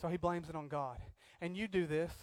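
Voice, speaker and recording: A man preaching a sermon as pastor, swinging from loud acted outbursts to quiet earnest talk. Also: a little high, a little fast, no echo.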